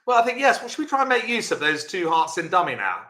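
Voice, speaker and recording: A man's voice: sits high, huge pitch swings, fast talker, sharp tone, reverberant. A man teaching a live-streamed bridge lesson, chatty and encouraging, answering viewers by name.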